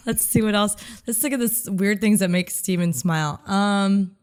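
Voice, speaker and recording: Woman with a raspy head cold. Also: medium pitch, moderate pace. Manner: playful, laughing, light. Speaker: podcast co-host. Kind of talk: casual radio-show chat. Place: outdoors near a beach.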